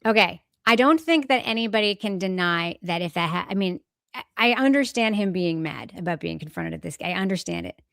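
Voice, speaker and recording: A woman's voice: on the low side, animated, a little fast, gravelly, fairly bright tone, no room sound, studio quality. A woman co-hosting an opinion podcast, talking candidly and emphatically, often restarting her thoughts mid-sentence. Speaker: podcast co-host. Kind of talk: casual opinion talk.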